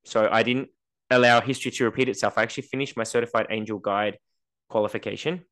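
A man's voice: on the low side, fairly even intonation, quick pace, a bit bright. A man co-hosting a podcast in casual chat, telling stories and acting out the voices of the people he quotes. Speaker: podcast co-host.

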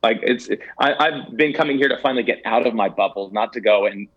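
A man's voice: mid-range voice, brisk, a bit bright, slightly rough, dull audio. A man giving candid personal testimony as an interview guest, earnest and self-deprecating, with some stammered restarts. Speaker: guest telling a ministry story.

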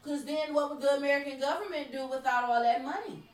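A woman's voice: high-pitched, quick pace, recorded from a distance. A woman co-hosting a podcast, ranting about politics in a blunt, heated way and cursing freely. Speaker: podcast co-host. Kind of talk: profane political rant. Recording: echoey room, voice set back from the mic.

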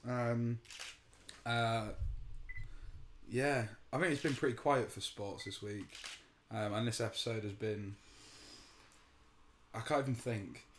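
A man's voice: medium pitch, fairly even intonation, slow pace, pauses often, a little hiss or hum. A young man hosting a casual podcast, laughing and teasing his friends. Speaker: podcast host.

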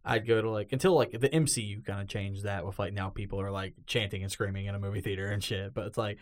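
A podcast host with a lowish voice talks fast in a casual chat, telling stories as an animated storyteller. He swears freely and acts out quotes along the way.

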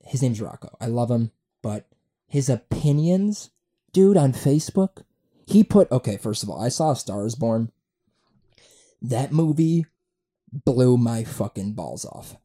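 Male, 20s, comedy podcast host; deep mellow tone, animated delivery, profane rambling rants. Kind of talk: solo comedy podcast rant. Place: room at home.

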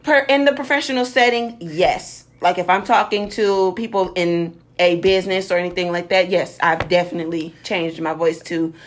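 A woman's voice: lowish voice, steady tone, normal speed, few pauses. A woman co-hosting a casual chat, blunt and profane, often laughing and repeating words as she starts a sentence.

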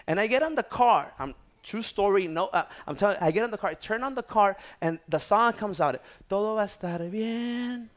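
A man preaching a sermon, moving from hushed prayerful tones to loud exhortation and calling out to his congregation. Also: high voice, animated, brisk, few pauses. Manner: calls out to the congregation for response. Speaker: pastor.

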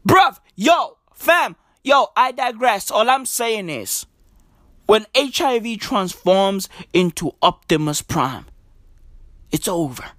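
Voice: mid-range voice, big pitch swings, slow, fairly bright tone, no room sound, clean studio sound. A stand-up comedian, ranting profanely in a comedy routine and hammering lines through repetition. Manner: profane, ranting, emphatic with repeated catchphrases.

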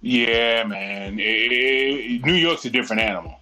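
A man's voice: medium pitch, measured pace, sharp tone, poor audio. A man chatting on a podcast, ranting heatedly and swearing constantly. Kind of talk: profane casual chat.

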